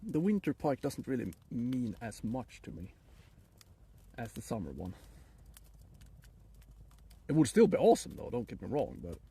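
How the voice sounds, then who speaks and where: A man's voice: mid-range voice, very animated, normal speed, gravelly, long pauses, mellow, a little hiss or hum. A middle-aged man with a Swedish accent, joking and rambling to his chat while streaming from a frozen lake. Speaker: livestreamer. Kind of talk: casual live stream chat.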